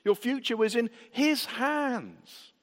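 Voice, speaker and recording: Earnest preacher in an echoing hall. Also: male voice, very high voice, slow pace. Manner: earnest, rhetorical questions and repetition. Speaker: pastor. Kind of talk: sermon. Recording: reverberant church hall.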